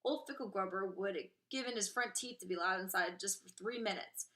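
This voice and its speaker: A teacher reads a children's novel aloud in a clear, expressive storytelling voice. Her tone is bright and ringing, and she keeps a mid-range pitch through the narration. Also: a little fast.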